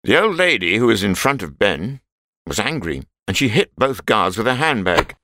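A man narrating a simple storybook in a clear, measured reading voice. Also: fairly low pitch, big pitch swings, pushed and bright, no room sound, clean studio sound.

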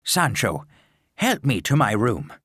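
A man voicing a gentle old knight on his deathbed, speaking softly and wearily. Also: medium pitch, wildly swooping pitch, slow pace, slightly rough, no room sound, clean studio sound, full character voice. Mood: weary. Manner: soft, weary, resigned. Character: old dying male knight, weak and gentle. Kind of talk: storybook narration.

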